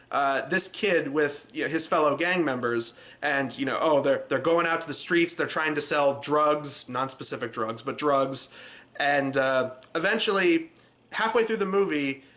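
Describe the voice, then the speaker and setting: A man reviewing a low-budget movie in a casual, sarcastic, rambling way. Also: sharp tone.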